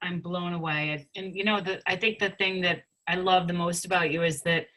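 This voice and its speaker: A woman's voice: lowish voice, steady tone, brisk, sharp tone, low-quality recording. A woman hosting a team call who gushes with praise for her guest. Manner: effusive, gushing praise. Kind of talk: casual chat.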